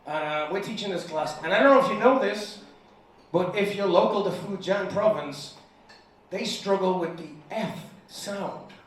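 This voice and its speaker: A man's voice: high voice, moderate pace. A young man from the United Kingdom performing a crude, self-mocking stand-up comedy set in a bar, often laughing through his punchlines. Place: comedy bar with a live audience. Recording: echoey room, mic heard from a distance. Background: room ambience and audience noise.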